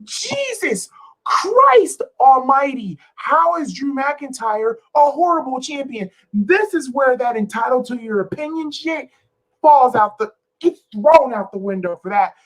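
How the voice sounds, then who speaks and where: Pitched high and sing-song, this woman talks a little slowly over a rough recording. She's a wrestling streamer venting at her chat in a livestream rant, swearing in exasperation and saying things again and again to drive her point home.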